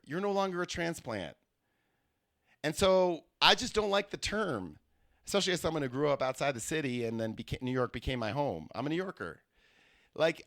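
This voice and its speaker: A man's voice: mid-range voice, fairly bright tone, no room sound, clean studio sound. A man who is a comedian hosting his own podcast, rambling through a comic monologue with lots of fillers and restarts. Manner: rambling, self-mocking, many fillers and restarts.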